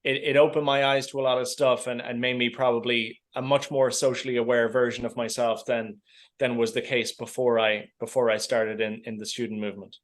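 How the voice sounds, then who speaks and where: An Irish man in his thirties talks through his answers in a relaxed podcast interview. He is hesitant, often restarting and repeating words as he gathers his thoughts, and his pitch sits right in the middle. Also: a little fast. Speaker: podcast guest. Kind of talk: casual interview chat.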